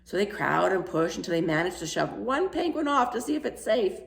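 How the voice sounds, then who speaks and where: A woman's voice: mid-range voice, sing-song, a little fast, creaky. A woman reading as an eager dreamy house painter. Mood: explaining. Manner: eager, wondering. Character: enthusiastic dreamy middle-aged house painter. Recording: roomy echo.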